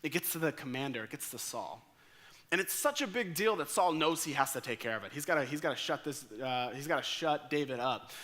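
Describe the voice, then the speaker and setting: An American man preaching a sermon, telling a story with lively acted-out quotes. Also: a little high, brisk. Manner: energetic storyteller acting out quoted lines. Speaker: pastor.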